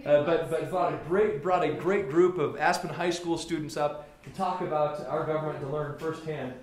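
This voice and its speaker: Guy giving a stump speech, kinda high voice, really echoey room, restarts a lot. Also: steady tone, moderate pace. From Colorado. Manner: storytelling with frequent restarts and repeated words. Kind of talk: political stump speech with anecdotes. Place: small gathering in a room. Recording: very echoey room with faint ambient noise.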